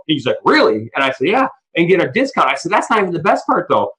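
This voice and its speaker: A man presenting a business opportunity on a call, excitedly telling stories and acting out the dialogue. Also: a little high, rough recording. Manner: excited storyteller, acts out quoted dialogue; talks fast, restarts sentences when fired up. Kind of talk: animated sales pitch on a call. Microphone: audio call.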